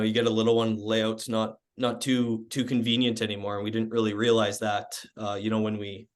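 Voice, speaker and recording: A man's voice: fairly low pitch, voice pushed down, lightly acted. A man playing a hesitant young dad buying a home. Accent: Canadian. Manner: hesitant, halting, many fillers. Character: young father, hesitant home-buyer prospect. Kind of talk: sales call role-play.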